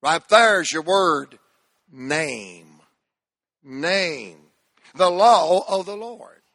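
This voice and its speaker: A man's voice: sits high, animated, drawn-out words, gravelly, dry recording, studio quality. A man pastor, preaching a sermon and calling the congregation to repeat words after him. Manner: call-and-response preaching, rising to shouts.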